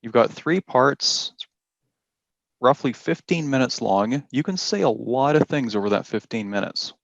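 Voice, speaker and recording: A man teaching an exam-prep class, explaining slowly and deliberately and stressing key words. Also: mid-range voice, animated, gravelly, dry recording, highs cut off. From Canada. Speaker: IELTS teacher. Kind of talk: classroom lesson.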